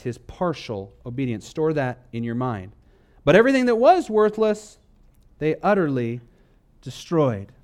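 Delivering his sermon, the pastor alternates booming, forceful statements with hushed asides, and he reads the scripture at a slow pace, weighting the important words.

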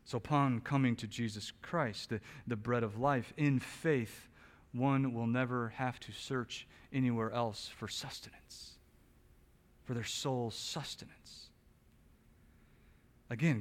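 A male pastor delivering an expository sermon in a mid-pitched voice. He builds to loud emphatic peaks and then falls back to a quiet, conversational tone. Small restarts slip into his asides. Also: fairly even intonation, slow pace.

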